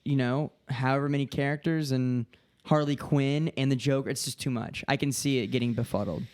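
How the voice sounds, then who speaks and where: A man co-hosting a podcast in casual chat, quick to jump into bits. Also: mid-range voice, fairly even intonation, a little mellow. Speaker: podcast co-host.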